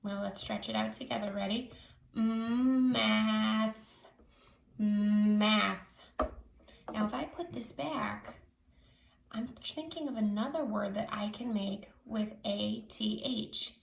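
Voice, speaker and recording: Slow, gravelly-voiced woman teaching phonics. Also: mid-range voice. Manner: stretches out sounds, speaks slowly and clearly. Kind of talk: slow phonics lesson for children. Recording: echoey room.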